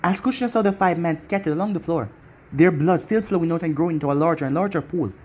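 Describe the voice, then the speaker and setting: A reader narrating an anime fan-fiction story aloud in a steady storybook manner. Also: mid-range voice, fast talker, slightly rough.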